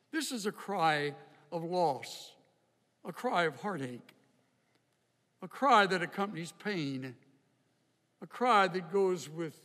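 An older man preaching a sermon in a slow, reflective way, with emphatic rises. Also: fairly high pitch, fairly bright tone. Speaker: pastor. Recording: hall reverb.

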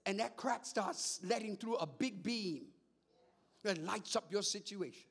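A pastor preaching a sermon, calling out to the congregation and rising into shouts. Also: male voice, sits high, a little slow, gravelly, husky.

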